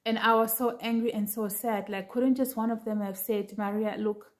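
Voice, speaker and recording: A woman with a somewhat high voice tells her viewers about a dream in a casual, personal way. She speaks earnestly and addresses them directly, scattering fillers as she goes. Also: fairly even intonation, normal speed. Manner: earnest, talks straight to viewers with many fillers. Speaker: vlogger sharing a prophetic dream.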